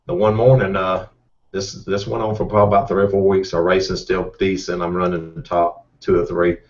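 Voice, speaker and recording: A middle-aged race car driver, telling a rambling, folksy story with repeated words. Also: male voice, low voice, level tone, fairly quick. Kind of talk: casual storytelling. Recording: distant, muffled mic.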